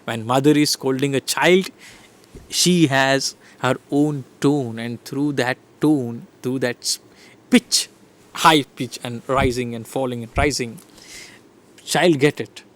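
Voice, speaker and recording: A man's voice: medium pitch, slow, fairly bright tone. A middle-aged man gives a recorded lecture, explaining slide by slide and checking in with "right?" and "fine". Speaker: English lecturer.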